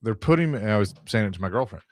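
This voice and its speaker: A man's voice: fairly low pitch, lively intonation, rapid-fire, darkish tone, no room sound. A man hosting a sports talk radio show, chatting in an easygoing, rambling way and reading sponsor lines. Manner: easygoing, rambling, reads ad copy. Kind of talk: casual sports radio banter. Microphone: studio microphone.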